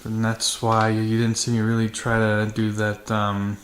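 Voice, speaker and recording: A man's voice: lowish voice, completely flat delivery, unhurried. A man hosting a dirt bike vlog, talking casually to camera with many fillers and restarts in a matter-of-fact way. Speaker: channel host. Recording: echoey room with faint noise.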